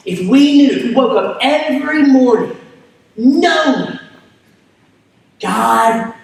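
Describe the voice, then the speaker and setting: High-voiced man preaching in an echoey hall. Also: slow, creaky. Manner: animated, repeats words, asks the crowd "right?". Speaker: pastor. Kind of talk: sermon. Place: church hall. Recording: echoey hall, mic at a distance.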